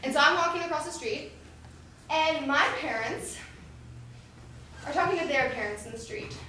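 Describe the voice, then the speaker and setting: A young woman doing stand-up comedy, telling a story in an animated way and jumping into shrill voices for the people in it. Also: moderate pace. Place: theater stage with a laughing audience. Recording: echoey theater from far off, hissy.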